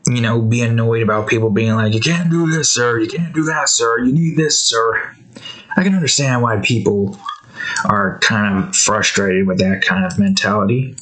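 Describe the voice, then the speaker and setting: A man's voice: mid-range voice, a bit bright, rough recording. Young man, casual rambling monologue, loose and offhand, vlogging while he draws. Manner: rambling, loose, wanders between topics and scolds his cat. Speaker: art vlogger.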